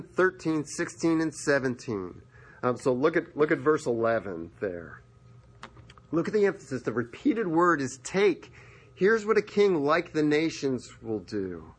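Husky animated male preacher. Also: mid-range voice. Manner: animated storytelling, acting out biblical characters. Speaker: pastor. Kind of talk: sermon.

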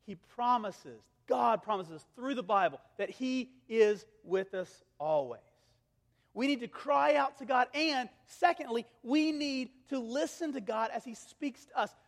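Earnest preacher with a high voice in a reverberant hall. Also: male voice, lively intonation, a little slow. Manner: earnest, swings from loud and emphatic to hushed, intimate near-whispers. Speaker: pastor. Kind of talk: sermon.

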